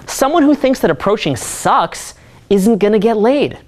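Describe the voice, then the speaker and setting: A man's voice: sits high, animated, normal speed. A man giving a seminar talk as a dating coach, blunt and profane.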